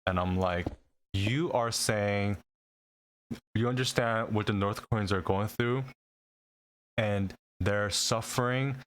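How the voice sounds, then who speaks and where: A man co-hosts a casual live stream conversation, getting exasperated as he recounts a story. His voice sits somewhat low, with faint background noise. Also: takes it slowly, long pauses, fairly bright tone. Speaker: co-host. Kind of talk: casual chat.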